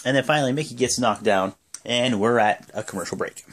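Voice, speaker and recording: A man's voice: mid-range voice, brisk, fairly bright tone, slight background noise. A young man casually recapping a wrestling show, rambling through the action with lots of fillers and bursts of acted-out quotes. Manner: rambling play-by-play with many fillers, acting out quotes.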